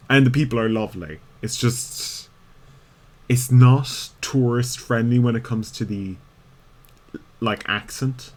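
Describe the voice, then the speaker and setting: A man chatting casually and rambling while streaming a video game. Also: mid-range voice. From Ireland. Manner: rambling, chatty, frequent laughs. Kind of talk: casual gameplay commentary.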